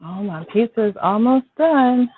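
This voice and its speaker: A woman's voice: fairly high pitch, expressive, moderate pace, breathy edge, no room sound. Woman, home cook on a live stream, chatty and apologetic, scratchy throat, thin phone-like sound, dry. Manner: chatty, talks to viewers by name, apologetic. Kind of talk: casual live-stream chat while cooking. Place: home kitchen.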